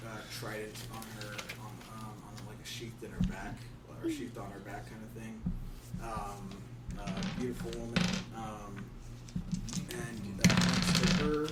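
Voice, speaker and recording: A man narrating as game master in a rambling, halting way full of ums. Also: medium pitch. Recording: roomy, distant mic, noisy.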